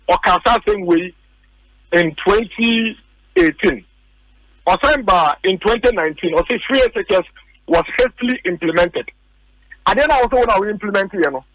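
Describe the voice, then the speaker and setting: Ghanaian man pressing a political case in a radio studio, high-pitched, dry close sound, repeats himself for emphasis. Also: fairly bright tone, no room sound, rough recording. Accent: Ghanaian English. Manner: emphatic, repeats points, rhetorical questions. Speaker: political commentator. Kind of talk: heated political argument on radio.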